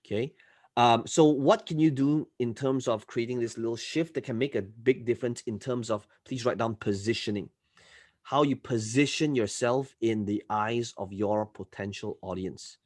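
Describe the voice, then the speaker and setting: A man's voice: mid-range voice, normal speed, no room sound. Dry-sounding male coach teaching live online. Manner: frequently checks in with listeners, swings between loud and soft. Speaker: marketing coach.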